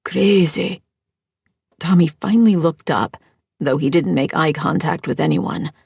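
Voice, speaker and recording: A woman with a husky, gravelly voice narrating a first-person audiobook in a measured way. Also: low voice, expressive, darkish tone, no echo.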